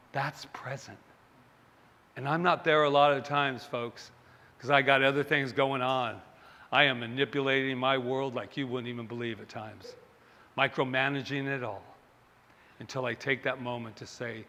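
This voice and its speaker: A man's voice: medium pitch, bright, forceful tone. A male minister giving a sermon in a conversational, self-deprecating way, talking straight to his congregation. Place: church sanctuary. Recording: long hall reverb.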